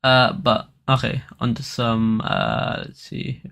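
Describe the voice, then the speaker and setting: A man talks through crypto charts on a live stream in a loose, rambling way, full of fillers and restarts. His voice has a gravelly, creaky edge and sits at an ordinary pitch. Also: big pitch swings, takes it slowly, a bit bright. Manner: casual, rambling, filler-heavy. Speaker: crypto market analyst. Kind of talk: live stream market commentary.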